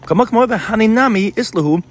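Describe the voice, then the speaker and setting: A man explaining a Talmud passage in class, reading out terms and translating them, often repeating words as he goes. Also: high-pitched. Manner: rapid, mixes Hebrew-Aramaic terms with English, frequent repeated words. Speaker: Talmud teacher.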